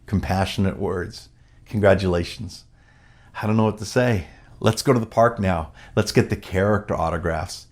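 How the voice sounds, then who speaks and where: A man giving a storytelling speech at a gala, animated and acting out the quoted dialogue of others. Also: lowish voice. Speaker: gala speaker.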